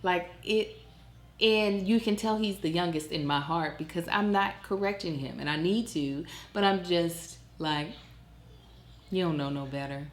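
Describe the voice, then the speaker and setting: A woman in her thirties co-hosting a podcast, telling family stories in an animated way, laughing often and acting out voices. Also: lowish voice, a little slow. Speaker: podcast co-host. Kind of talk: casual chat. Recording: echoey room.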